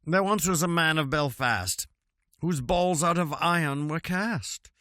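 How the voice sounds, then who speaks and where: Male reader, slow unhurried delivery, wry chuckling asides, dry close home recording. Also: fairly high pitch, sharp tone, no room sound. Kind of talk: reading limericks aloud with asides. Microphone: home recording setup.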